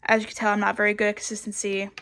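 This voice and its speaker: A woman's voice: medium pitch, monotone, very fast, a bit bright, slight background noise. A young woman giving a casual, rambling sketchbook tour, swearing a lot and mocking herself. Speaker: vlogger.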